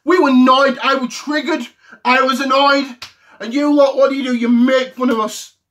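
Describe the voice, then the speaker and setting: An offended English football fan in his thirties , played by a man, rants on and on in a fairly high voice. He repeats himself in wounded indignation, building the sketch around his grievance. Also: steady tone, normal speed, bright, forceful tone. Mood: ranting. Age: 30s. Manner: indignant, repetitive ranting. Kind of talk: comedy sketch rant to camera.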